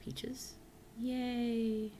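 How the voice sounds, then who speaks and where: A tired woman streamer gently chatting with her viewers during gameplay, softly spoken and often dropping to a whisper. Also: fairly high pitch, level tone, drawn-out words, slight background noise. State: tired, yawning. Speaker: virtual streamer. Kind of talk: casual gameplay commentary to chat.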